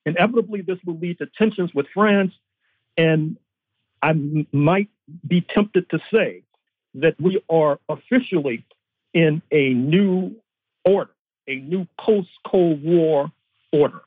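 A man's voice: a little high, takes it slowly, breathy edge, no room sound. A man, a history professor, giving political analysis as a guest in long, lecturing historical arguments. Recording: tinny phone-line audio.

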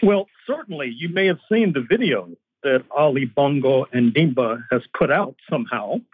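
A man lectures as a guest historian, his voice husky and a little higher than most men's. His pitch rises and falls in a lively way. The sound comes through a tinny phone line. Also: normal speed, dry recording. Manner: lecturing, long flowing historical arguments. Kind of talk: political analysis interview.

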